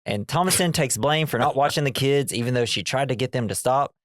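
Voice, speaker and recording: A man chatting casually on a movie podcast, recapping a film with laughs and quick goofy character voices. His voice sits in a middle register. The sound is dry and close. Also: mid-range voice, dry recording. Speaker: podcast host.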